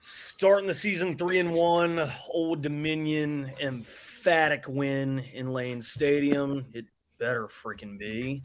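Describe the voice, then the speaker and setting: A man's voice: a little high, fairly even intonation, takes it slowly. Wry male podcast guest. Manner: wry, sarcastic. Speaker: guest content creator. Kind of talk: casual sports chat.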